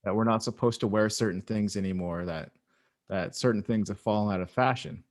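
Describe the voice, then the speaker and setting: A man's voice: on the low side, a little fast, a little mellow. A man from Canada co-hosting a casual podcast over a video call, hesitant and self-deprecating. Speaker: podcast co-host.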